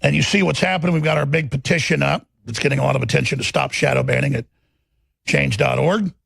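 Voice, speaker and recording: Gravelly combative talk show host man. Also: medium pitch, fast talker, a bit bright, no room sound. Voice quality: gravelly, husky voice. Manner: combative, rambling, acts out quoted voices. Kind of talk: political talk show monologue.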